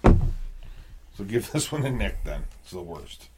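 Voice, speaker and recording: A man's voice: on the low side, big pitch swings, slow pace, darkish tone, husky. A man co-hosting a podcast who explains the rating system and teases the others with short interjections. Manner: brief interjections, teasing. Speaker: podcast co-host. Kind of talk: casual chat.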